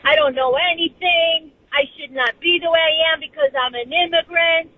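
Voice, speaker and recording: A woman's voice: very high-pitched, no echo. A woman with a Portuguese accent, a native Portuguese speaker from Portugal, calling in to a radio show and ranting in a heated, defiant way. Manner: heated, defiant, rapid rant. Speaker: caller. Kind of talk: call-in radio talk. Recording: tinny phone line.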